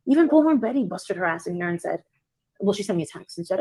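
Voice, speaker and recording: A woman's voice: lowish voice, animated, fast talker, warm tone, slightly rough, no echo. A woman hosting a livestream, chatting bluntly with callers, swearing freely and acting out quoted dialogue. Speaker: livestream host. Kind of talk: casual livestream chat with callers.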